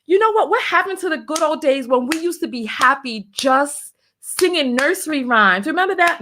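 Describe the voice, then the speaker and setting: High-voiced woman laughing through a livestream. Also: expressive, normal speed, noisy background. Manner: laughs often, exclaims "oh my Lord" and "have mercy". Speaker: livestream host. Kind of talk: casual livestream chat reading donations.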